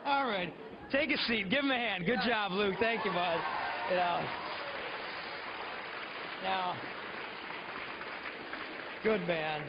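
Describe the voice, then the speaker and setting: Young american guy, kinda high voice, jokey school assembly talk, does silly voices, muffled lo-fi sound. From United States. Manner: jokey, acts out other people's voices. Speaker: abstinence speaker at a school assembly. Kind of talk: humorous motivational talk. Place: large school hall. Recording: echoey hall, dull lo-fi sound.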